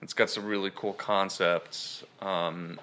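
Male podcast host, low-ish bright clean voice, loose rambling chat, lots of "um" and "you know". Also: level tone, slow pace, clear, resonant tone. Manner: rambling, with many fillers and restarts. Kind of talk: casual chat.

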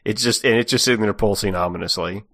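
A man's voice: lowish voice, quick pace, fairly bright tone. A man co-hosting a podcast, adding dry joking asides while chatting casually about a video game. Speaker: podcast co-host. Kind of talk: casual game recap chat.

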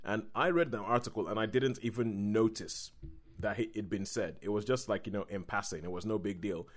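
A man's voice: fairly low pitch, fairly even intonation, brisk. A man hosting a casual chat about films, telling stories and acting out quotes in exaggerated voices.

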